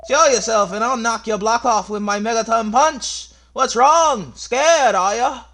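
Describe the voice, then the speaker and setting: A man voicing a brash, boastful boy bully from a video game with a put-on British-style accent, taunting and shouting. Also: very high-pitched, a little slow, a little hiss or hum, pitched above the performer's own voice, exaggerated voice. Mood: cocky taunting. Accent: put-on British-style slang.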